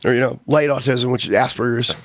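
A man's voice: medium pitch, fast, dry recording. Man rambling on talk radio. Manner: rambling storyteller, acts out quotes. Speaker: radio show host. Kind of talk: casual talk radio chat.

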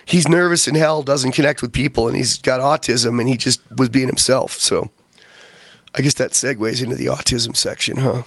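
A man's voice: medium pitch, fairly even intonation, normal speed, creaky, dry recording. Man rambling on talk radio. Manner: rambling storyteller, acts out quotes. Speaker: radio show host. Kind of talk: casual talk radio chat.

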